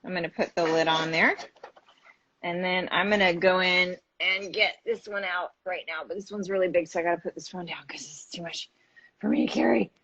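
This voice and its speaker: A woman's voice: lowish voice, steady tone, a little fast, a bit bright, lo-fi sound. A woman actor chatting casually and self-deprecatingly while baking at home on a live stream. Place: home kitchen. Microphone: phone or video call.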